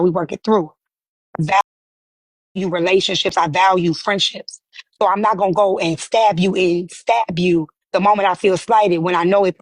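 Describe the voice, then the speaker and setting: A woman's voice: medium pitch, no echo, low-quality recording. Earnest woman lecturing in a dry recording. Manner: earnest, lecturing, repeats words. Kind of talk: heated casual talk.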